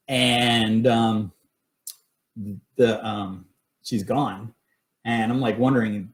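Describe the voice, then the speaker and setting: A man's voice: medium pitch, a little slow. A middle-aged man telling his paranormal stories casually on a live stream, rambling with many fillers and restarts. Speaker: paranormal investigator sharing stories.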